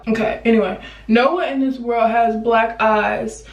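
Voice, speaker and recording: A woman's voice: on the high side, fairly even intonation, a little slow. Chatty young woman in a roomy space. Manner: chatty, playful, rambling asides. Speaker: beauty vlogger. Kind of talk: casual makeup tutorial chat. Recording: roomy, slightly distant.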